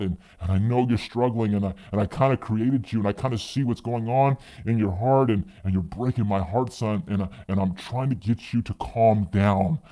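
Gentle fatherly God, soft and warm, pleading; a preacher puts Him on. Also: medium pitch.

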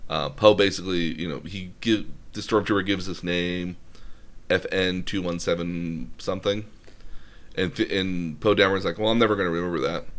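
A man's voice: sits low, steady tone, normal speed. A man casually retelling a film plot, rambling with lots of fillers. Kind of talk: casual chat.

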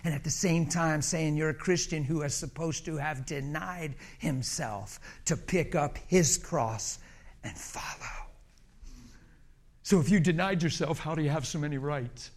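A man's voice: on the high side, normal speed, hardly any pauses. A male pastor preaching a sermon in a folksy, humorous, colloquial way.

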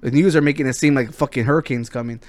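A man co-hosting a podcast in casual chat, laughing often and reacting quickly. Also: medium pitch, darkish tone. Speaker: podcast co-host.

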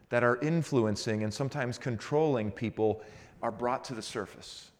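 A middle-aged male pastor delivers a sermon in a relaxed, conversational way. His speaking voice sits at an ordinary middle pitch. He drops low and quiet for reflective points and lifts into animated storytelling. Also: normal speed. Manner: conversational preaching, builds to animated frustration in anecdotes.

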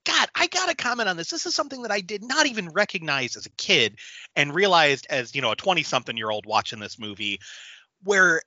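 A man in his forties co-hosting a casual film podcast, animated and quick to laugh, swearing casually. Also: on the high side, no room sound, lo-fi sound. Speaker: podcast co-host.

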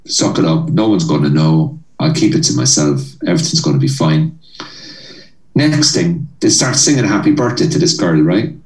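An Irish comedian spins a lively story, slipping into the voices of the people in it. His voice sits low, and the sound comes from a fair way off the mic in a roomy, echoey space. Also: normal speed, recorded from a distance. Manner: animated storyteller, acts out voices and laughs. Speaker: comedian guest. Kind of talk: storytelling anecdote.

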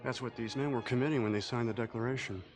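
A man's voice: mid-range voice, fairly even intonation, quick pace, natural voice. A man playing a bold treasure hunter raising a toast. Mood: relishing. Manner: relishing, theatrical toast. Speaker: actor in a film clip. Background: film music.

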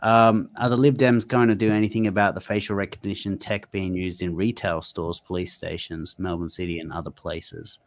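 A man's voice: deep voice, flat delivery, moderate pace, few pauses. A man hosting a casual interview, asking blunt questions and cracking jokes. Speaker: podcast host.

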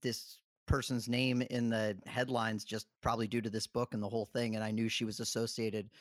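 A man's voice: fairly low pitch, little pitch movement, brisk, no room sound. Chatty male trivia player, dry sound. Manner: thinks aloud, chatty and self-deprecating. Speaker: trivia contestant. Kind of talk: casual trivia podcast.

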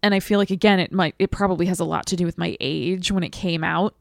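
Woman, low gravelly voice, chatty, lots of "like" fillers, casual podcast talk, dry close mic. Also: fairly even intonation, fast talker, dry recording. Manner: chatty, filler-heavy with frequent "like". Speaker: podcast co-host. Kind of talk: casual movie discussion.

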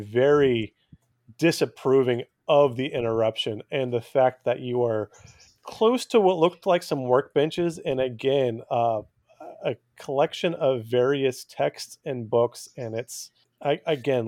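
A man's voice: medium pitch, darkish tone, no echo. A man narrating a tabletop game as game master, describing scenes with many restarts and fillers.

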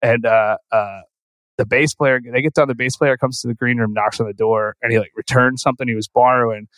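A man's voice: mid-range voice, fairly even intonation, fairly quick, fairly bright tone, no echo, rough recording. A man guest on a podcast, telling tour stories in a rambling, profane way and saying "like" constantly. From Philadelphia. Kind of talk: casual storytelling.

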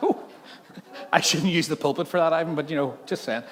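A man's voice: a little high, brisk. A man preaching a sermon in church, telling stories animatedly and laughing often. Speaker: pastor. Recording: long hall reverb, faint background noise.

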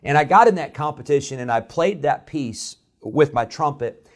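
A man's voice: a little high, animated, normal speed. A man from Illinois preaching a sermon as pastor. He tells a personal story in a conversational way, with frequent "uh" fillers and restarts.

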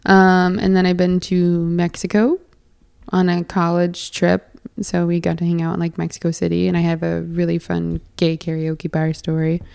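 A woman's voice: fairly low pitch, monotone, moderate pace, gravelly, dark tone, clean tone. A young woman from Canada, a podcast guest, chatting casually and giggling often. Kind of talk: casual chat.

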